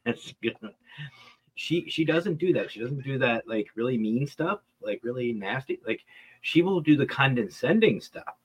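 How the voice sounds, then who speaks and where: A man's voice: mid-range voice, lively intonation, normal speed, husky. A man hosting a casual comedy panel, calling on guests and telling stories with many stammered restarts. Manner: stammering, joking, storytelling. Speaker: host.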